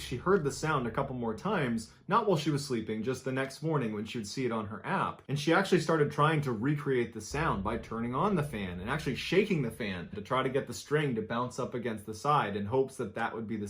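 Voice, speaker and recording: A man telling a true scary story as scripted narration, measured and building suspense. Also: medium pitch, lively intonation.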